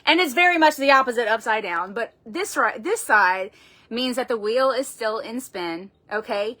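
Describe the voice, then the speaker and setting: A woman's voice: on the high side, expressive, moderate pace, pushed and bright. A woman doing a live-streamed tarot reading, talking in an emphatic, folksy way and swearing casually into a phone. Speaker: tarot reader.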